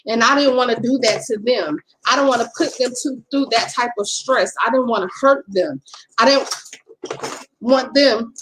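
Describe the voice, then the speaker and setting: A woman's voice: on the high side, fairly bright tone, a little hiss or hum, low-quality recording. A middle-aged woman telling a personal story in a casual, earnest way, often repeating herself and speaking straight to her viewers. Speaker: vlogger. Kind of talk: casual storytime while doing makeup.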